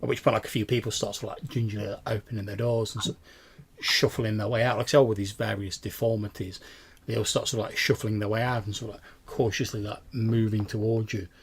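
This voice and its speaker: A man narrating as game master of a tabletop game, halting and repeating his words often. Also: on the low side, flat delivery, slightly rough.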